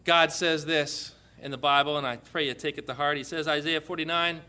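A man preaching an impassioned sermon, moving from quiet storytelling to loud, forceful proclamation. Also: on the high side, steady tone, a little fast, hardly any pauses.

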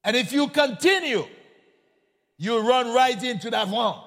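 A very high-voiced man preaches slowly, his pitch swinging widely as he asks the congregation questions. He repeats single words and climbs to shouts to stress a point. His voice carries a long reverb, as in a large hall. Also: expressive, gravelly. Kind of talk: sermon.

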